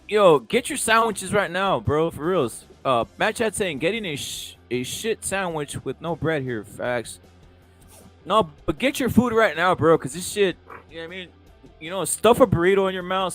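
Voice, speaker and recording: Excitable man hosting a fight reaction. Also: high voice, moderate pace, faint music behind. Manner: loose, profane, excitable banter. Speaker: host. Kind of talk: casual live fight reaction chat.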